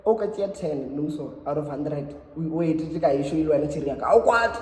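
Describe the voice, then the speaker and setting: Playful South African host, lively voice. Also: male voice, on the high side, brisk. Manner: playful interjections, mixing in local-language phrases. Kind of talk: casual storytime chat. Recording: echoey room with long reverb.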